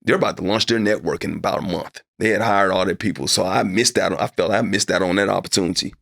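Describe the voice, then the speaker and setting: A middle-aged man with a low, gravelly voice tells a story from his career as an interview guest. He acts out each exchange, and his voice shoots up when he replays his disbelief. His delivery is conversational and lively. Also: fast, dry recording, studio quality. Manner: acts out his own past dialogue, voice climbing high when upset. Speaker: interview guest, sports broadcaster.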